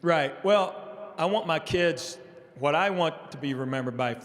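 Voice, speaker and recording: A man's voice: on the high side, a little slow, in a large hall. A man in his sixties from East Tennessee telling funny stories as an interview guest. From East Tennessee, USA. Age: 60s. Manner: joking, animated storyteller. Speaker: comedian guest. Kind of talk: casual storytelling interview.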